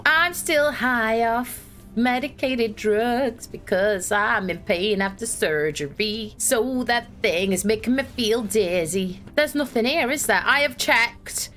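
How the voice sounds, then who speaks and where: A young woman streams a horror game and provides live commentary, thinking aloud, swearing, and growing exasperated. Her voice is fairly high and a bit bright, and she speaks slowly.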